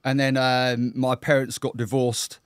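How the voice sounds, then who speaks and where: A man's voice: mid-range voice, little pitch movement, a little slow, clean tone, no room sound, studio quality. A middle-aged man from Essex with an Essex accent, a former Royal Marine telling stories in a casual podcast interview, blunt and swearing freely. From Essex, England.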